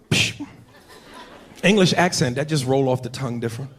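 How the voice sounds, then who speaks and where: A man's voice: medium pitch, a little fast, pauses often, fairly bright tone. A male stand-up comedian performing profane, conversational stand-up comedy in a noisy live room.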